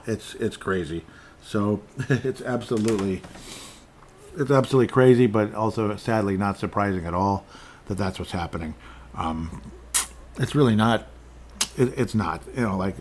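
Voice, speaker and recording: Guy with a lowish voice doing a solo podcast, rambling through headlines, keeps restarting, sarcastic little asides. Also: a little hiss or hum. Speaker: podcast host. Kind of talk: casual solo commentary on headlines and chat comments.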